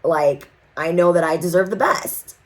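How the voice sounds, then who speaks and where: Tarot reader vlogger: young adult woman, slightly low voice, lively slangy talk to the camera. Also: a little slow. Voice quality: animated, slangy storytelling. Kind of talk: casual chat to viewers.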